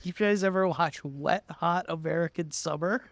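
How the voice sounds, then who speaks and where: Male podcast co-host, high voice, dry close mic, eager chatter. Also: normal speed, creaky, no echo. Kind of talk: casual chat.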